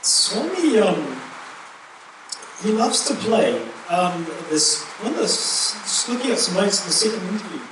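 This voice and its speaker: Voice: medium pitch, big pitch swings, unhurried. Light-hearted storyteller in a very echoey room. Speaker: youth group member sharing memories. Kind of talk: reflective talk to a gathering. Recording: very echoey room, distant mic, noticeable noise.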